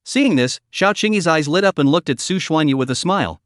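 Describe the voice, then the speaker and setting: A man reads a comic recap aloud at a steady, even pace, his voice a little high for a man. It's a dry, close-mic recording with no room sound. He goes a little fast and barely pauses.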